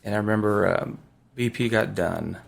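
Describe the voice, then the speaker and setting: Man, 30s, a bit low and gravelly, easygoing interview guest who rambles through anecdotes. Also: moderate pace. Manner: laid-back, rambling with many fillers and restarts. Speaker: former pro baseball player, podcast guest. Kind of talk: casual storytelling interview.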